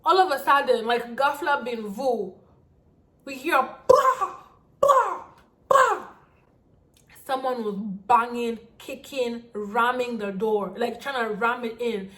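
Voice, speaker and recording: A woman telling a dramatic storytime vlog in an animated way. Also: fairly high pitch, unhurried. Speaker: vlogger.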